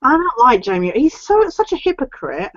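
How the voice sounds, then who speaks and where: A woman co-hosting a casual live chat, mostly answering with short agreements and the odd blunt opinion. Her pitch moves up and down a lot. The sound is dry and lo-fi, with no room around it. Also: very animated, normal speed, a bit bright, dry recording. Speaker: co-host. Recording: dry lo-fi stream audio.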